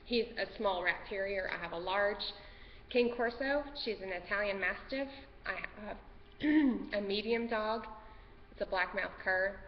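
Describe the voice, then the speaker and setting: A woman's voice: mid-range voice, measured pace. Woman, home craft vlogger, jittery and rambling; lo-fi audio, faint hiss. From Texas. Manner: nervous, rambling, easily distracted. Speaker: podcast host. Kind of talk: casual craft vlog chat. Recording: dull lo-fi sound with long reverb and faint noise.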